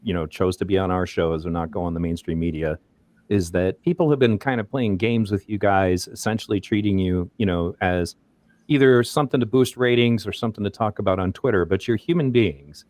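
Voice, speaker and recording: A man co-hosting an interview, introducing the guests in an earnest, measured way. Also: lowish voice, darkish tone, no room sound. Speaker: co-host.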